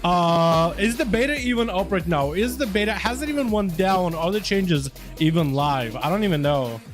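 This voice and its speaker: A man's voice: high-pitched, lively intonation, normal speed. A young man chatting casually with viewers on a gaming livestream, loose and full of swearing. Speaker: gaming streamer. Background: faint music.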